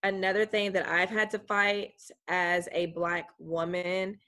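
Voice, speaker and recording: A woman's voice: fairly low pitch, little pitch movement, measured pace, sharp tone. A young adult woman in casual conversation, outspoken and emphatic.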